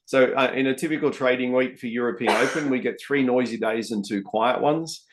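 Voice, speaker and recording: Man, live-stream trading host, chatty and matey, mid-pitched voice. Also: brisk, noisy background. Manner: chatty, addresses viewers as guys and mate. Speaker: trading educator hosting a live session.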